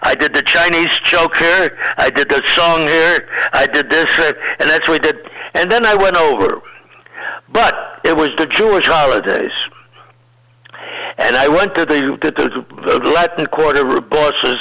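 An older man, a comedian, tells rambling, lively stories in a relaxed interview. He talks with a slightly high pitch and a very bright, forceful tone. He keeps restarting his sentences as he goes. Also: measured pace, rough recording. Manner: rambling, animated anecdotes with restarts. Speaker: comedian guest. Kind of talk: casual storytelling in an interview.

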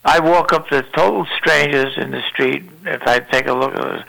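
A man's voice: mid-range voice, normal speed, creaky, few pauses, sharp tone, poor audio. A man in his nineties chatting and telling jokes on the radio, rambling and talkative. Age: 90s. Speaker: regular radio guest. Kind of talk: casual radio chat, joke-telling.

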